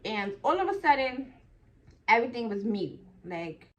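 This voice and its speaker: A woman's voice: a little high, sing-song, normal speed. A young woman from New Jersey telling a personal story in a casual, chatty way, full of "like" and "okay?". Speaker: vlogger.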